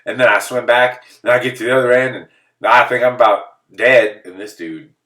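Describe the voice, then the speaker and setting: A man's voice: medium pitch, fairly quick, recorded from a distance. A man telling a comedic story in a monologue, full of exaggerated disbelief and acted-out quotes. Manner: animated, exaggerated disbelief, acts out quoted voices.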